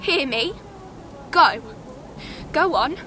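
A shrill, jealous British girl. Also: animated, drawn-out words, pushed and bright, soft background music, heavily acted. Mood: furious. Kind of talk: radio drama acting.

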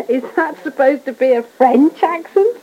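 A bustling teasing englishwoman, high lively voice, dull radio sound. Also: takes it slowly, heavily acted. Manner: bustling and teasing, often laughing.

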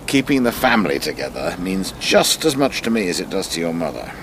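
A man's voice: sits low, very animated, fairly quick, background noise. An actor playing a genial, coaxing middle-aged father, in a radio drama. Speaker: father of the family.

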